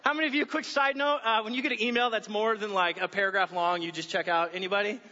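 Guy pastor with a high bright voice telling a story from the stage, animated, long church-hall echo, kinda muffled. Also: fast talker. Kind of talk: sermon with personal story. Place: church auditorium.

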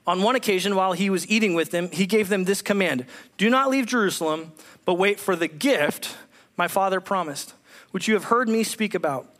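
A man, a pastor, preaching a lively sermon and acting out the voices of the figures in the story he reads. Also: sits high, a little fast. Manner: animated, acts out voices of bible figures. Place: church sanctuary. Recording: long reverb of a large hall.

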